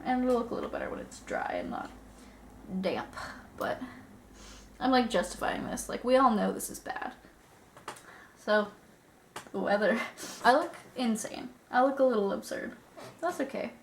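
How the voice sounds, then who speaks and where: Still sniffly from a recent illness, a young woman does her makeup on camera and chats casually, putting herself down, cursing, and muttering under her breath. Her slightly high voice is gravelly, heard in a reverberant space with a little hiss or hum.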